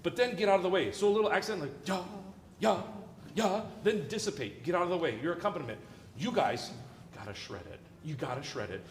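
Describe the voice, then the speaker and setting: A man's voice: a little high, very animated, fast, slight background noise. Playful male orchestra clinician in an echoey hall. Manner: playful, jokey, counts and sings rhythms aloud. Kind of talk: rehearsal coaching with a student orchestra. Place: large hall with student orchestra. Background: orchestra music.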